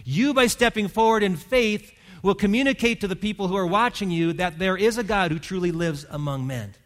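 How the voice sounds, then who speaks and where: A man preaching a sermon as pastor, telling a Bible story and voicing its characters, rising to loud emphasis. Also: sits high, a little fast.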